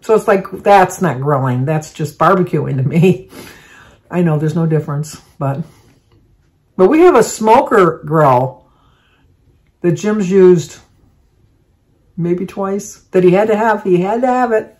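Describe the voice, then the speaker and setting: Speaking with a fairly low, darkish voice at a measured pace with long pauses, this older Michigan vlogger is animated as she talks casually to her camera at home. She rambles cheerfully from one small aside to another in a loose, daily catch-up style.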